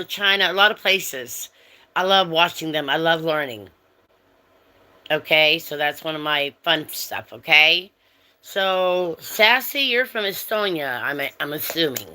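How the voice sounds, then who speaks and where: A woman hosts a casual livestream and talks straight to her viewers, answering their comments one by one. She speaks at an unhurried, drawn-out pace with a bright, forceful tone. She is friendly and chatty but turns firm and strict when someone is rude. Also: lowish voice. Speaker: livestream host.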